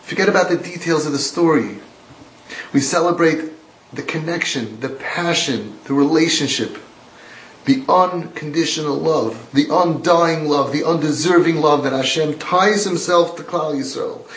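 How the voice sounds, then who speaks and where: A man's voice: a little high, moderate pace, a bit bright. A man giving a sermon-style religious lecture, emphatic and repetitive, quoting from texts. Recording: roomy echo.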